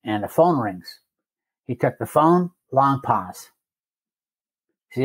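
An older man with a husky voice tells a plainspoken personal recovery story, repeating phrases for effect. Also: mid-range voice, sing-song, slow pace. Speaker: recovery meeting speaker.

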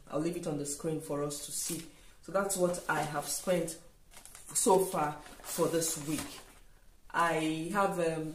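A woman talking casually through a grocery haul for her vlog, unhurried and thinking aloud with frequent ums and restarts. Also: on the low side, a little mellow, a little hiss or hum. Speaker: vlogger. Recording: echoey room, voice a bit far from mic.

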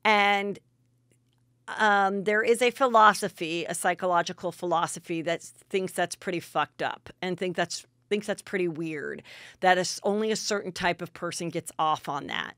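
A woman's voice: fairly low pitch, moderate pace, a bit bright, no room sound, studio quality. A woman hosting a podcast, telling stories in casual gossip chat and acting out what people said. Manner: chatty storyteller, acting out quotes. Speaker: podcast host.

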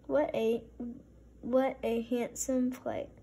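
A woman's voice: on the high side, little pitch movement, slow, dark tone, breathy edge, exaggerated voice. A woman voicing a small, proud male donut who is polite, dramatic and easily alarmed. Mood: fussy.

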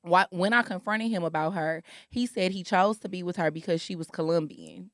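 A woman co-hosting a casual chat podcast, reading a listener's email aloud in a blunt, animated way. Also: lowish voice, fairly quick, dry recording, studio quality. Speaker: podcast co-host.

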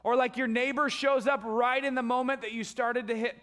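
A man preaching a sermon in a noticeably high voice. He tells the story with animated energy and breaks into sudden loud, high-pitched outbursts when he acts out the characters. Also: a little fast. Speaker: pastor. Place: church stage.

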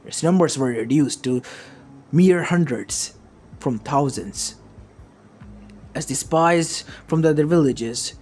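A man's voice: on the high side, slow, long pauses, a little mellow, a little hiss or hum. A man reading a fan story aloud in a plain voice, stringing long run-on sentences together. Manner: run-on, loosely strung sentences. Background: faint background music.

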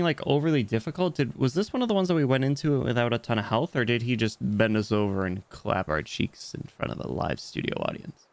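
A man's voice: mid-range voice, expressive, brisk, no echo. A young man streaming a video game, rambling and joking with his chat while he plays. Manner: rambling, jokey, talks to chat while playing. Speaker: VTuber streamer. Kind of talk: casual gaming livestream chat.

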